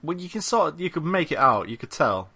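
A man's voice: fairly high pitch, very animated, brisk, noisy background. A man co-hosting a casual podcast, throwing in skeptical quips. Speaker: podcast co-host. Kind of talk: casual chat.

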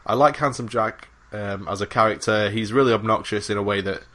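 His voice is lowish and fairly bright, and he talks a bit fast. He's co-hosting a gaming podcast, chatting loosely and eagerly with lots of fillers and swearing.

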